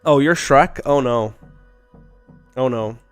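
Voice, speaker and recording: A man chatting quickly and casually on a live stream, joking about himself while greeting viewers. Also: mid-range voice, smooth, soft background music. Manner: fast-talking, chatty, self-deprecating. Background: faint background beats.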